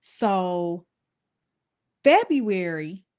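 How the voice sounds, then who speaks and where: A woman's voice: lowish voice, drawn-out words, clear, resonant tone. A young woman, telling viewers a story in a casual stream and acting out quoted voices. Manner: animated, acts out quoted voices with cursing.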